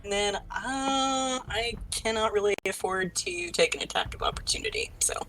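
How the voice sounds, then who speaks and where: A woman's voice: medium pitch, normal speed, fairly bright tone, low-quality recording. A woman playing a tabletop game, joking around while explaining her character's actions. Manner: playful, jokey, bursts into mock screams. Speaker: player.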